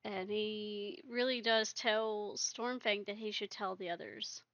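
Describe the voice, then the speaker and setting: A woman narrates her game story in a casual, rambling way, full of fillers. Her voice is bright and dry, and the recording sounds dull and lo-fi. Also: mid-range voice, steady tone, takes it slowly, no echo. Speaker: video creator.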